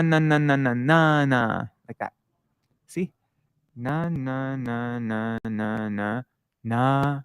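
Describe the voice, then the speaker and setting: Gravelly-voiced man teaching Sanskrit meter. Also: medium pitch, no echo. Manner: halting, with many fillers and self-corrections. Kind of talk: informal screen-share lesson.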